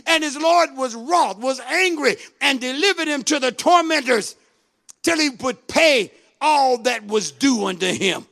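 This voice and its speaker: A man's voice: very high voice, lively intonation, a little slow, gravelly, bright, forceful tone. A man preaching a sermon with passion, acting out pleading lines from the scripture. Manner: impassioned, acts out the servant's pleading.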